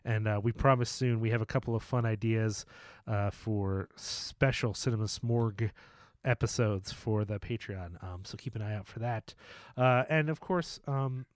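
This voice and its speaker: A man's voice: on the low side, normal speed, dry recording, clean studio sound. A man co-hosting a casual film podcast, talking loosely with many fillers, restarts and jokes. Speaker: podcast co-host.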